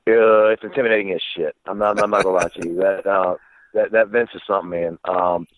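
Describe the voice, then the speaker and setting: A man's voice: sits low, steady tone, fast, no room sound. A man guesting on an interview, telling backstage stories in a candid, casual way, with plenty of fillers and swearing. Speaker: wrestling referee guest. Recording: tinny phone-line sound.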